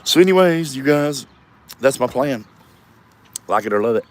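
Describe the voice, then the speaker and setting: A comedian vlogger in his fifties, medium-pitched and animated at a moderate pace, rambles and curses in a self-deprecating solo video. It's shot in his front yard with passing traffic audible.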